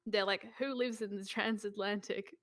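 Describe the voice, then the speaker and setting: A woman's voice: medium pitch, steady tone, moderate pace. Chatty woman co-host. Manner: chatty, laughs often, trails off mid-thought. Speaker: podcast co-host. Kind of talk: casual chat.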